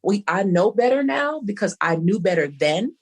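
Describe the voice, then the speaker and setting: A woman's voice: mid-range voice, very animated, moderate pace. A middle-aged woman co-hosting a podcast, telling a long rambling story and quoting back and forth. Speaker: podcast co-host. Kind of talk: casual podcast chat.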